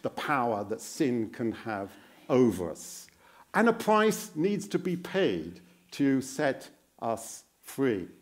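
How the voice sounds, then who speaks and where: A man giving a sermon as a guest preacher in a church. He quizzes the congregation in an earnest, encouraging way and repeats phrases for emphasis. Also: medium pitch.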